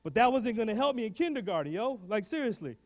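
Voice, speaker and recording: A man speaking as a guest speaker, telling his story in an animated, slangy way and acting out the voices of people in it. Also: high voice, fast. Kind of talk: motivational school talk. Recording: long reverb of a big hall.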